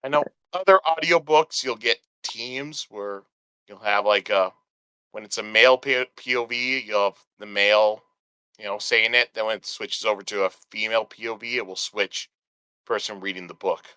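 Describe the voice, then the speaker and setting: A man's voice: on the low side, normal speed, pushed and bright, clear, resonant tone, dry recording, poor audio. A man co-hosting a podcast in casual chat, explaining things in a rambling way with restarts. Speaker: podcast co-host.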